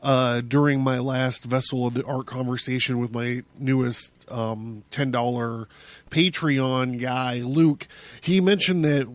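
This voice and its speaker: A man's voice: medium pitch, steady tone, unhurried, dry recording. A man hosting his own podcast, talking through a casual solo monologue in a rambling way, with many restarts and chuckles. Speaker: podcast host.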